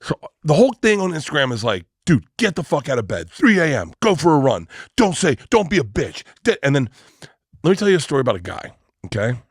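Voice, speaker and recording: A man's voice: a little high, fast, husky, no room sound, clean studio sound. A comedian in his fifties telling stories in casual podcast chat, acting out voices as he goes. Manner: animated storyteller, acts out voices. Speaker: guest comedian.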